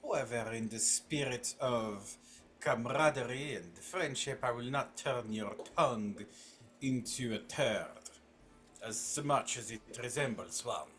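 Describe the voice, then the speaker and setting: A man's voice: mid-range voice, a little slow, a bit bright, lightly acted. A man voicing a sly old female hag who talks down sweetly and threatens. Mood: condescending.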